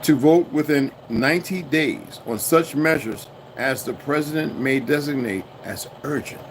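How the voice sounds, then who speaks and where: A livestream host rants bluntly to his viewers in an unscripted, heavily profane tirade. His medium-pitched voice is unhurried, and there's background noise.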